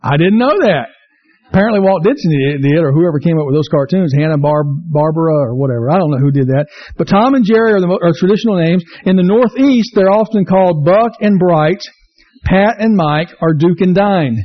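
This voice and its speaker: A man's voice: high voice, a little fast, lo-fi sound. A man preaching a folksy, joking sermon in a church, asking the congregation questions as he tells stories. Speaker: pastor. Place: church sanctuary.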